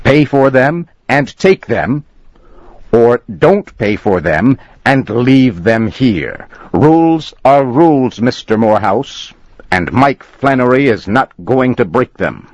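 A man voicing a stubborn, gruff express agent, firm and insistent. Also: medium pitch, sing-song, takes it slowly, no room sound, pitched above the performer's own voice. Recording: dull lo-fi recording.

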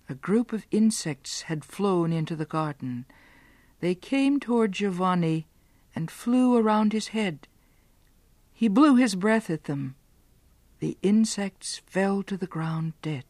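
Slow, deliberate woman storyteller. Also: on the low side, darkish tone, no room sound. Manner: slow, deliberate, clear reading. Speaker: reader. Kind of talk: scripted story narration.

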